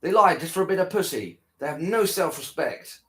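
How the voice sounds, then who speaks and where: A man's voice: a little high, expressive, a little fast, fairly bright tone. A tired man chatting casually to his viewers after a live stream, rambling, repeating himself and trailing off. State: tired, worn out.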